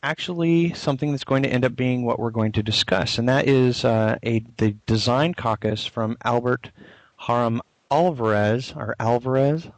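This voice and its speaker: A man's voice: medium pitch, normal speed, no room sound. Chatty man co-hosting a podcast, dry sound. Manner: chatty, rambling, filler-heavy. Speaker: podcast co-host. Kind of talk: casual podcast chat.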